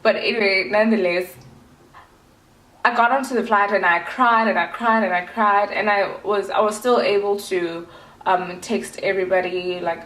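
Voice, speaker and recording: A woman's voice: mid-range voice, steady tone, moderate pace, fairly bright tone, echoey room, poor audio. A woman from South Africa in her twenties, chatting casually and rambling to her vlog audience with playful asides. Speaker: vlogger. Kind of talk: casual chat to camera.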